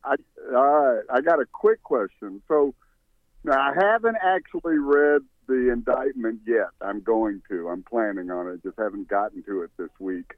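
A man's voice: mid-range voice, normal speed, no echo. A man calling into a talk show by phone, chatty and a little hesitant. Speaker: caller. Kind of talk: call-in question. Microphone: telephone. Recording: tinny phone line.

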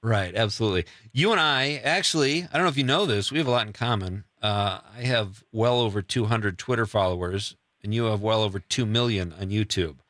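A man's voice: lowish voice, fairly quick, hardly any pauses, a bit bright, no echo, studio quality. A man hosting an interview show, chatty and joking, laughing often. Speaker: show host. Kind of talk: casual interview.

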